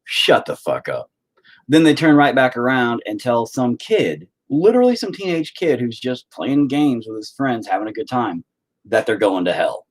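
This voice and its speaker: An American man rambles and rants while working on a painting for his channel. He swears freely and throws in sarcastic jabs. His voice sits at an ordinary pitch but swings widely and animatedly. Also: big pitch swings, moderate pace. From United States. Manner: profane, ranting, sarcastic. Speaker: channel host. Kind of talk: casual ranting while painting.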